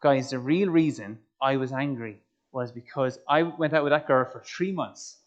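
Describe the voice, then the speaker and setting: A man giving a personal testimony talk, telling his story in an animated way and turning to the audience with questions. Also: medium pitch, normal speed. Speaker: speaker. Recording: slightly muffled recording.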